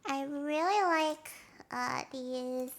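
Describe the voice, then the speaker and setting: A young woman streamer chatting casually with her live audience, giggly and quick to react emotionally. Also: high-pitched, a little hiss or hum. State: has a headache.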